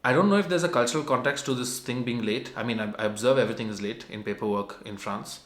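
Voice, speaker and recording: A man's voice: medium pitch, quick pace, a bit bright. A young adult man telling a personal story as a vlogger, in a meandering, conversational and self-mocking way. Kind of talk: casual storytelling. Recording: roomy echo.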